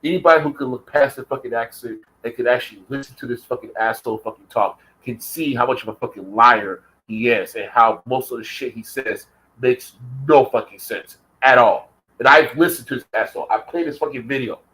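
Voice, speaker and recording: A man on a long, heated vlog rant, swearing at every turn and hammering his points home. He talks at a middling pitch in a loose, conversational way. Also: brisk, a bit bright, rough recording. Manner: heated, profane, repetitive. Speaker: vlogger. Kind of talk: profane rant.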